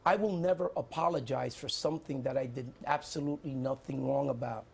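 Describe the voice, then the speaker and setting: Gravelly, husky, insistent middle-aged man. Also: medium pitch, fairly quick. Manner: defensive, insistent, repeats his points. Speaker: mayoral candidate in a debate. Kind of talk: televised debate answers.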